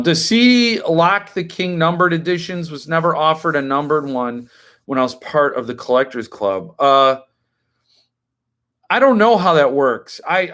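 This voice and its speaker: A rambling, chatty man in his fifties whose voice sits a little higher than most men's. He hosts a live stream and answers viewers one by one in a loose, conversational way. Every so often he works himself up into an indignant rant. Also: fairly bright tone. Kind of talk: casual live-stream chat reading viewer comments.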